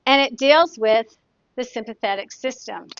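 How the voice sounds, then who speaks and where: A woman's voice: on the high side, normal speed, creaky, noisy background. A woman therapist talking in a chatty, casual teaching way, demonstrating exercises and telling anecdotes. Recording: dull, dry lo-fi sound.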